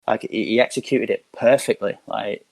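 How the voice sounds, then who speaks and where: Man, lowish voice, podcast guest, rambling casual talk. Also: moderate pace, vocal fry, darkish tone. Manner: rambling, heavy use of "like". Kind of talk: casual chat.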